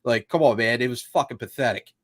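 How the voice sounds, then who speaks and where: A man's voice: mid-range voice, fast talker, no room sound, studio quality. A man co-hosting a casual sports podcast, ranting in a frustrated, profane, rambling way. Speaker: podcast co-host.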